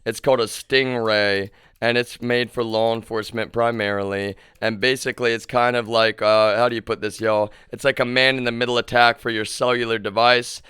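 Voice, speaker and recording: A man streaming live, ranting in an agitated, profane way at his viewers, dropping to low mutters and then bursting into shouts. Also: little pitch movement, a little fast, few pauses, clear, resonant tone, dry recording, clean studio sound. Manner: agitated, profane, keeps addressing viewers as "y'all"; swings between low muttering and shouted outbursts.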